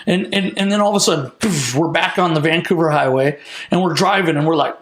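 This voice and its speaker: A man telling a testimony as a guest in an interview, excited and animated, often restarting and acting out what people said. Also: a little high, brisk, echoey room. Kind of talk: animated storytelling.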